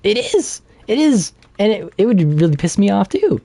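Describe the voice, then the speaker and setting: A man co-hosting a casual podcast, chatting while playing a game and retelling a plot with animated laughter. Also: high-pitched, moderate pace, vocal fry, husky, no room sound. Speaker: podcast co-host.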